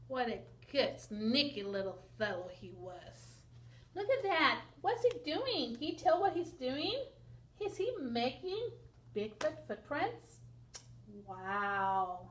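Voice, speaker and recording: A woman teacher reading a picture book aloud to children, expressive and asking them questions. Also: on the high side. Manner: expressive, asks listeners questions, sound effects. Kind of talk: children's read-aloud lesson. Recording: echoey room with faint noise.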